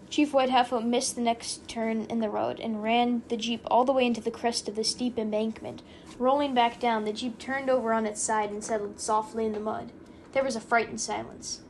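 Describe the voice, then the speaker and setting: Brief: female audiobook narrator, slightly high voice, steady storytelling. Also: normal speed, a little hiss or hum.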